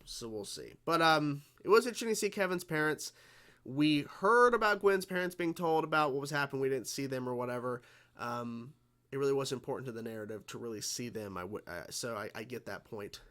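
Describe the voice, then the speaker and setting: A man's voice: mid-range voice, lively intonation, brisk, fairly bright tone. A man giving casual reaction commentary on a cartoon episode, rambling and profane, laughing often and restarting sentences. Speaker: reaction video host.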